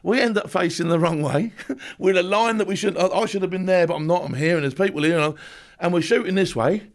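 A man, a former soldier, telling stories in a casual interview, animated and laughing as he acts out what others said. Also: sits high, fast. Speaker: podcast guest, former special forces soldier.

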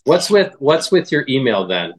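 A man's voice: medium pitch, very animated, moderate pace, a crowd in the background. A man from Canada, a vet guest, chatting in an easygoing, jokey storytelling way. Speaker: veterinarian guest. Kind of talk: casual interview chat.

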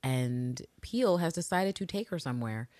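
A woman co-hosting a podcast, retelling scenes in an animated, profane way and acting out the characters' lines. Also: low-pitched, normal speed, no echo. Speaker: podcast co-host. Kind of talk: casual recap chat.

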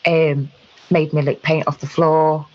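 A woman recounting a personal experience in conversation, halting, with frequent ums and restarts. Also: sits low, level tone, highs cut off. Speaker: guest.

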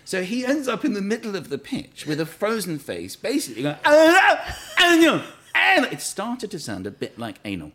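A man's voice: sits high, sing-song, brisk, hardly any pauses, slightly rough. A man chatting as a guest, telling rambling, self-deprecating anecdotes with frequent restarts. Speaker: comedian guest. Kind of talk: anecdotal chat.

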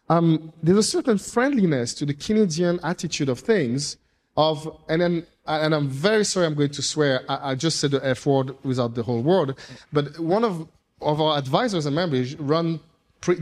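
Animated man telling rambling stories. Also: a little high. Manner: animated, rambling, with playful swearing. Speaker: entrepreneur speaking to an audience. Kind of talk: casual storytelling talk. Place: event room with audience.

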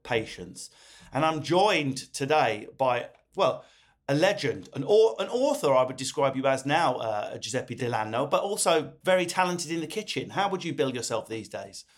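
A man with an Essex accent hosting a comedic podcast, talking in quick, jokey banter. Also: medium pitch, sing-song. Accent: Essex English. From Essex, England. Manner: quick, jokey banter with playful put-on voices. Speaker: podcast host.

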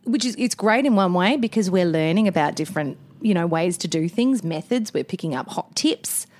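A woman, co-hosting a casual podcast chat, expressive and swearing freely. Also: fairly low pitch, brisk. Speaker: podcast co-host.

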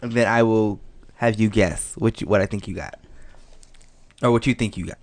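A man's voice: lowish voice, fairly even intonation, normal speed. Easygoing man hosting a game. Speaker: host. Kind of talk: casual chat running a game.

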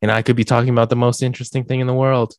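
A young man hosting a podcast in casual chat, rambling with lots of fillers and getting animated when he jokes. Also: mid-range voice, rapid-fire, no room sound. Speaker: podcast host.

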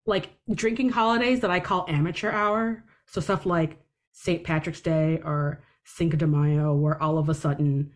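A woman's voice: deep voice, fairly even intonation, moderate pace. A woman co-hosting a podcast in casual chat, talkative, with dry humor and frequent swearing. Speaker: podcast co-host. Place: city.

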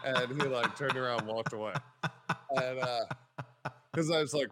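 A man's voice: medium pitch, normal speed, long pauses, dry recording. A man who is a stand-up comedian, telling stories casually in an interview and acting out the voices of people he quotes. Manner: animated, acts out quoted voices, swears casually.

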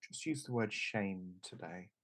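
A man's voice: deep voice, measured pace, a bit bright. A man playing in a tabletop game, musing and thinking aloud about his character. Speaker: player.

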